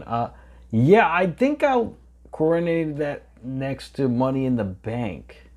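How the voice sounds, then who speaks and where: A man hosting a casual watch-along chat, with a warm, mellow tone. He rambles a little, stopping on fillers and restarts as he answers viewers. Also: medium pitch, sing-song, slow pace. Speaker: reaction channel host.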